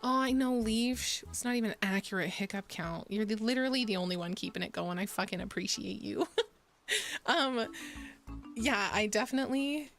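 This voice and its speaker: A woman's voice: mid-range voice, moderate pace, vocal fry, fairly bright tone, soft background music. A young woman streaming, chatting casually with viewers in a candid, profane way, gasping and laughing often. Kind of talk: casual chat reading viewer messages.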